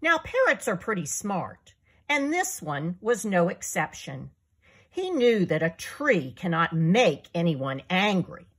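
Author reading her kids' book aloud: slow, animated, breathy woman. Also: fairly low pitch. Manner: slow, expressive storytelling. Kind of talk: storybook read-aloud for young children.

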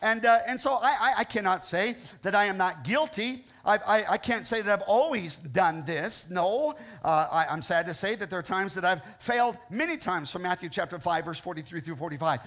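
A man with a Midwestern American accent delivers a sermon from the pulpit. His voice sits notably high for a man. He preaches earnestly, repeating lines for emphasis and checking in with his listeners. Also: expressive, normal speed, few pauses, a bit bright. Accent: Ohio, American Midwest. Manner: earnest, repetitive preaching with frequent "okay?" check-ins. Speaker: pastor. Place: church sanctuary.

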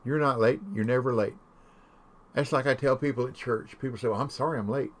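A man's voice: medium pitch, steady tone, fairly quick. A man chatting casually while streaming a game, telling folksy, rambling stories. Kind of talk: casual chat while gaming.

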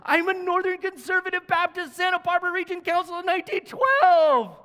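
A man's voice: high voice, big pitch swings, quick pace, sharp tone, pitched above the performer's own voice, heavily acted. A preacher doing a despairing man on a bridge. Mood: shouting. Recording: long hall reverb.

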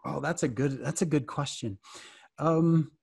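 A guest speaker answers youth questions in a casual, joking fireside talk over a video call, animated and often asking his listeners questions. His voice is on the high side, creaky, with a breathy edge and a measured pace, recorded in studio quality with no room sound.

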